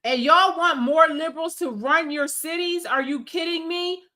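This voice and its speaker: A woman streamer with an extremely high, pushed, bright voice delivers heated political commentary at a moderate pace. She scolds angrily in an emphatic rant.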